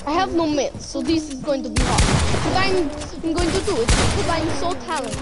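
Over loud background music, a female gaming streamer with a high, brisk voice chatters casually about gameplay. She teases her friends playfully in a sing-song tone, and the stream audio is noisy.

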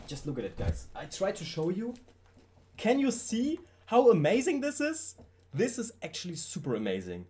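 A young man, excitedly unboxing fan mail at his home PC setup and gushing about every item. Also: a little high, a little hiss or hum. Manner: excitable, gushing, says "bro" often. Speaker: YouTuber.

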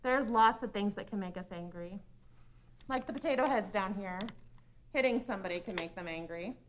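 A woman leading a children's sermon in a church, speaking in an animated, sing-song way to young children and closing with a prayer. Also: medium pitch, fairly quick, slight background noise. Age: adult. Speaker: children's minister. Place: church sanctuary. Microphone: wearing a face mask.

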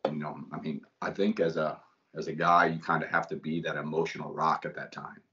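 Deep voiced guy in his 30s, choked up, keeps restarting, kinda muffled audio. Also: level tone, sharp tone. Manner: halting, choked up, many restarts. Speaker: guest, Marine father. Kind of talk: emotional personal storytelling.

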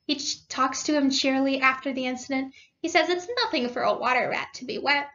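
A woman's voice: sits high, fairly even intonation, fairly quick, a bit bright. A woman teacher reading a storybook aloud to her class and explaining it with questions. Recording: dull lo-fi recording.

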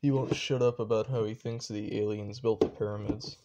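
A man's voice: on the low side, fairly even intonation, normal speed, few pauses, heavy background noise. A young man casually talking through his shelves at home in a rambling, unsure way, full of offhand asides. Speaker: vlogger.

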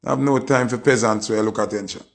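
A man's voice: medium pitch, fairly even intonation, quick pace, vocal fry. A man with a Jamaican accent reviewing songs on a casual livestream, boastful and emphatic, repeating his points. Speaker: music reviewer. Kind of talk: livestream music review chat.

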